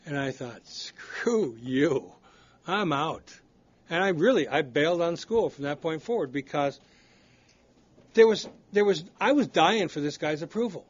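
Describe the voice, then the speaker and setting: An older man speaking at a recovery meeting, telling his own stories bluntly and poking fun at himself. His voice sits a little high for a man. The recording is dull and lo-fi. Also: lively intonation, moderate pace. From United States. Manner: candid storytelling, blunt and self-deprecating. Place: meeting room.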